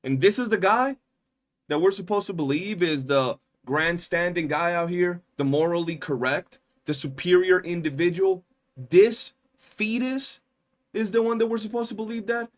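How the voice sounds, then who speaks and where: A man's voice: sits high, moderate pace. Indignant young man ranting. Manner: indignant, emphatic, swears freely. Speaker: commentary streamer. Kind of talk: heated commentary rant.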